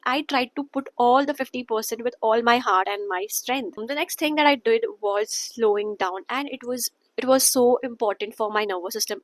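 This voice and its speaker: A woman's voice: a little high, fairly bright tone, no echo, poor audio. A young woman with an Indian English accent talks to camera in an earnest, repetitive way, now and then dropping Hindi phrases into her English. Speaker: wellness vlogger. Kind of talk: casual talk to camera.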